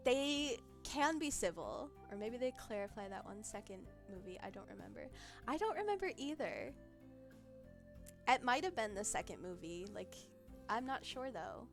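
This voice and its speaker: A woman streaming as a vtuber, chatting casually, giggling often and losing her train of thought as she reacts to chat. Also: on the high side. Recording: faint background music.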